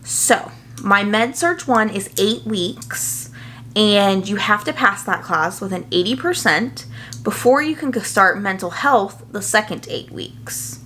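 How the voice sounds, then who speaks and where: A young adult woman, a nursing student, chatting casually and earnestly to her viewers, full of fillers and quick asides. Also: medium pitch, sharp tone, a little hiss or hum. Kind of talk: casual chat to camera.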